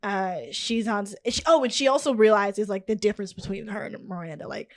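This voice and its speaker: A woman's voice: mid-range voice, a little fast, gravelly. A woman co-hosting a casual book club podcast, retelling chapters with lots of likes and quoted lines. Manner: retells the book in quoted voices, many fillers. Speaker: podcast co-host.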